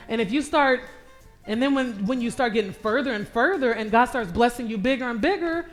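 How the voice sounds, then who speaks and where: A woman's voice: a little high, a little fast, faint music behind. A woman business coach answering questions at a church event, acting out her prayers and repeating phrases for emphasis. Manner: animated, acts out her own prayers and inner dialogue. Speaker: guest speaker, business coach. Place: church sanctuary, live stream.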